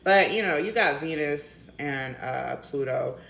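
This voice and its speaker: Chatty tarot reader, woman with a slight Maryland accent; deep voice, swears freely, roomy echo. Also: unhurried, gravelly, a bit bright, a little hiss or hum. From Denver. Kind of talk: casual tarot reading.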